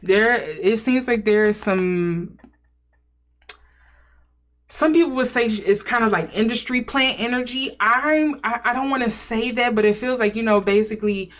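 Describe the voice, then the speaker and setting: A woman's voice: fairly high pitch, measured pace, a bit bright. Woman musing through a tarot reading. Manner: musing, thinks aloud while speculating. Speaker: tarot reader. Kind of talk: casual intuitive tarot reading.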